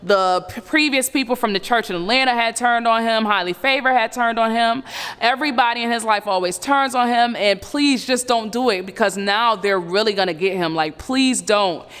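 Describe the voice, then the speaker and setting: A woman in her thirties earnestly recounting a painful personal story, halting and full of fillers. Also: fairly high pitch, a bit bright, clean tone, big-room sound. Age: 30s. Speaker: survivor telling her story. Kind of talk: personal testimony.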